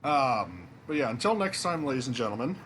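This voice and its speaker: A man's voice: medium pitch, very animated, a little fast, fairly bright tone, a little hiss or hum. A man hosting a casual game let's play, joking and rambling with loose swearing. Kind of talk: casual gameplay commentary.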